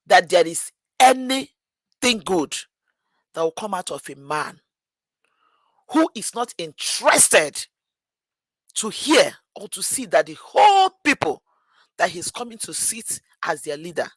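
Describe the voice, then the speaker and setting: A woman's voice: lowish voice, no echo. Impassioned woman, dry sound. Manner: impassioned, lamenting, emphatic repetition. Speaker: caller. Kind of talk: call-in discussion.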